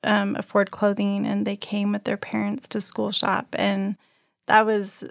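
A woman's voice: medium pitch, monotone, measured pace, creaky, dry recording, clean studio sound. A middle-aged woman co-hosting a podcast, chatting casually and backing up her co-host.

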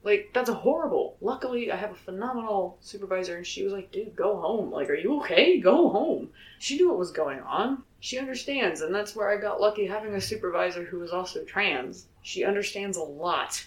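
A man's voice: high-pitched, a little fast, hardly any pauses. Earnest young man, echoey room. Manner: earnest, swears freely, laughs between thoughts. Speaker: soldier. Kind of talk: candid personal vlog. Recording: roomy echo.

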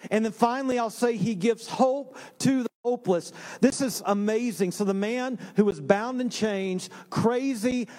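A man, a pastor, preaching a sermon in a relaxed storytelling way with self-deprecating humor. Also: extremely high pitch, normal speed, few pauses. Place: church sanctuary.

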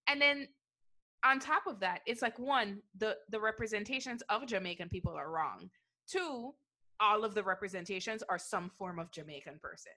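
A young woman from the Caribbean co-hosting a casual podcast chat, talking in an animated way and swearing freely. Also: mid-range voice, moderate pace. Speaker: podcast co-host.

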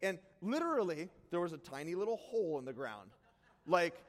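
Animated, self-mocking male pastor with a high voice; sermon story in a hall with long reverb. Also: fairly quick. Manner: animated, self-deprecating, bursts into shouts.

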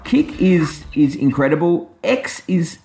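A man's voice: on the high side, big pitch swings, takes it slowly, gravelly, warm tone, soft background music. A man from Australia hosting a casual interview, restarting his words and asking leading questions. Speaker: interviewer, host.

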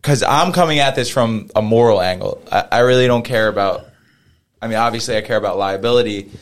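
A man's voice: on the low side, a little fast. A man taking part in a casual panel discussion, speaking earnestly and plainly. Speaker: lifeguard panelist.

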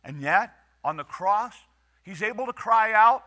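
A man preaching a sermon as pastor, earnest with dramatic pauses and raised quoted lines. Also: high-pitched, animated, pushed and bright.

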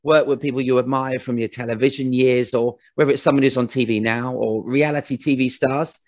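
A man hosting a casual interview, friendly and quick to laugh along. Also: medium pitch, steady tone, no echo, studio quality. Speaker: interviewer, host.

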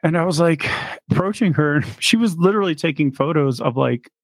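A man's voice: on the high side, expressive, fairly quick, no room sound. A man from Chicago co-hosting a podcast, chatting casually and rambling with lots of fillers and laughs. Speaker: podcast co-host. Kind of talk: casual chat.

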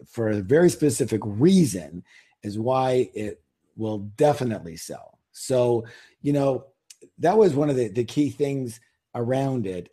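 A man's voice: medium pitch, dark tone. A man, an author, talking as an interview guest in a casual, emphatic, salesy way, firing rhetorical questions at listeners.

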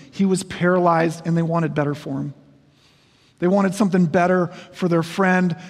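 High-pitched and creaky, with a somewhat dark tone, a male pastor in his forties preaches in a chatty, self-mocking style full of funny asides. The recording carries the lingering reverb of a large hall.

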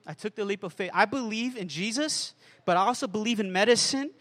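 A man's voice: high voice, brisk, fairly bright tone, in a large hall. A man preaching a sermon as pastor, dropping frequent call-and-response asides to the congregation.

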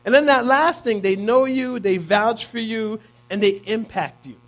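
Thirties male preacher, high voice, relaxed and chatty, keeps asking the room "right?". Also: unhurried. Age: 30s. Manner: casual, peppers points with "right?". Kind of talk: conversational sermon.

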